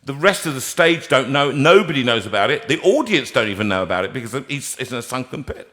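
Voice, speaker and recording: Bright-voiced man telling a lively story. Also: medium pitch, a little fast, hardly any pauses. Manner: animated, acts out quoted voices. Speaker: singer hosting a live stream. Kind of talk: anecdotal storytelling. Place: indoor music room.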